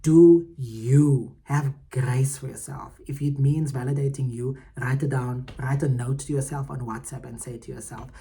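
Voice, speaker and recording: A woman hosting her own podcast, giving heartfelt, emphatic motivational talk that swings between loud and soft. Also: rumbling low, fairly even intonation, normal speed, few pauses. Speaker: podcast host.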